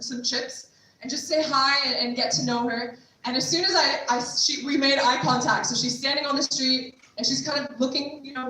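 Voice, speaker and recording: A woman's voice: high-pitched, fairly bright tone. A young woman giving a chatty training talk to a group, often acting out quoted dialogue. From United States. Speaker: trauma care trainer and street outreach worker. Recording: echoey hall from far off, faint noise.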